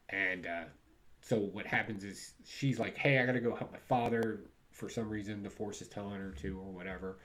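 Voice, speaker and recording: A man casually reviewing his weekly comic book haul, rambling and chatty and laughing at himself now and then. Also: lowish voice.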